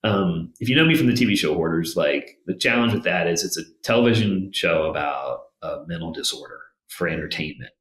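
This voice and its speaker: A man with a fairly low voice chats as a guest on a podcast. He tells stories in a loose, rambling way full of fillers. The recording has a roomy echo. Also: animated, brisk, hardly any pauses, fairly bright tone. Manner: rambling, filler-heavy storytelling. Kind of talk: casual interview chat.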